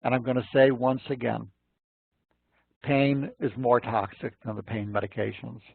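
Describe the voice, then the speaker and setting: Gravelly man giving a folksy health talk. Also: mid-range voice, fairly even intonation, moderate pace, no room sound. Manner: folksy storyteller, acts out quotes in the story. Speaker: nutrition talk host. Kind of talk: informal health lecture with anecdotes. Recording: dry, phone-like narrow sound.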